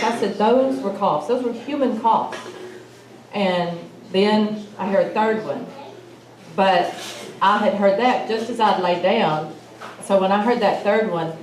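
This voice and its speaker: Woman, animated storyteller at a symposium, echoey room, distant mic. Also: medium pitch. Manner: animated storyteller, acts out quoted lines. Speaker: symposium speaker. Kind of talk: telling a personal encounter story. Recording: echoey hall, mic far off.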